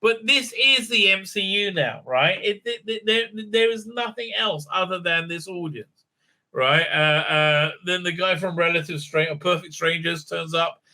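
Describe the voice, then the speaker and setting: A man's voice: sits high, measured pace, pushed and bright. A man rambling through a casual, sarcastic review recap, full of filler sounds and digressions. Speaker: YouTube reviewer.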